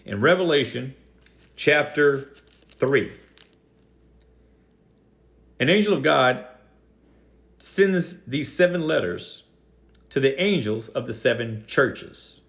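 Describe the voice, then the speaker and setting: Male host, mid pitch, rebuttal straight to the camera, combative, slow heavy stress on key words. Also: vocal fry, fairly bright tone. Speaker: Christian apologetics video host. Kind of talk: direct-address rebuttal.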